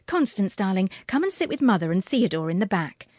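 A woman's voice: mid-range voice, sing-song, brisk, darkish tone, dry recording, clean studio sound. A woman voicing a busy young mother who soothes and fusses over her children in a storybook reading. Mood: soothing. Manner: soothing, fussing.

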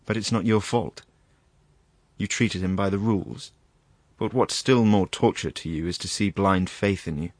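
A man's voice: sits low, dry recording. A man reading the part of a rambling, embarrassed country doctor, hesitant and full of asides. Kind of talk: audiobook reading.

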